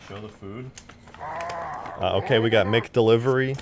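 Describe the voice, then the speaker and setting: A man live-streaming, chatting casually and excitedly with his viewers while eating and reacting to videos. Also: fairly low pitch, normal speed, noisy background. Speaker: livestreamer reacting to game mod videos.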